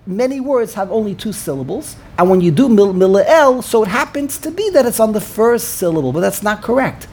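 Man, higher voice, casual study talk, explains by restating, slight room noise. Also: expressive, moderate pace, a little mellow. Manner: explanatory, repeats words while thinking. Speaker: Torah study participant.

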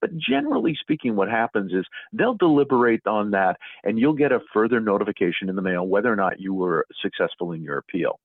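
Middle-aged man, lowish voice, measured explanations, tinny phone line, dry sound. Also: very animated, no room sound. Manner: explanatory, measured, with frequent fillers. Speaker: guest author on property assessment appeals. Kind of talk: radio talk show interview.

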